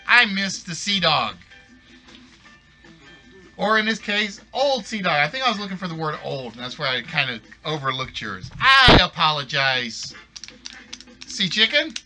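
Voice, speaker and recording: Man, stream host, higher voice, very bright tone, rambling casual delivery, faint music underneath. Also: lively intonation, a little slow. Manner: rambling, self-correcting, apologetic. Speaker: game show stream host. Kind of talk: casual live stream chat.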